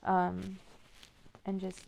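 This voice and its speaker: A young woman co-hosting a casual podcast, frank and blunt as she talks. Her voice has a gravelly fry to it. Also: mid-range voice, monotone, very slow, dark tone. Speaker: podcast co-host. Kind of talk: casual chat.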